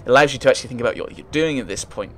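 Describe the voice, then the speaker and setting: Brief: male let's player, mid-pitched, halting and chatty, reading game text, faint background hiss. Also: a bit bright. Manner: thinks aloud, hesitant, restarts often. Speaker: let's play gamer. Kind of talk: casual let's play commentary, reading game text aloud.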